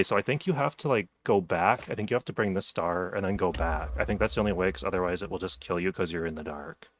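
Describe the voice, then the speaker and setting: A man's voice: sits low, a little fast, few pauses. A man streaming a game late at night, chatting casually, joking, and talking to the characters on screen. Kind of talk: casual gameplay commentary.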